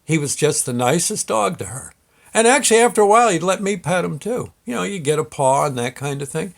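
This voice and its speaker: A man's voice: on the high side, animated, a little fast, creaky. Rambling, folksy male storyteller. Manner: rambling, folksy, with many fillers and restarts. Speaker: show host telling a personal story. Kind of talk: casual storytelling.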